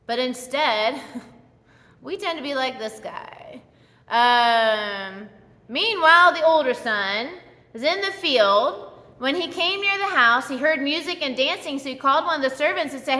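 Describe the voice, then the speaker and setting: A woman's voice: sits high, expressive, a little slow, bright, forceful tone. A woman pastor giving a sermon, telling a story with energy and acting out the characters' lines. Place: church hall. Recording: echoey church hall.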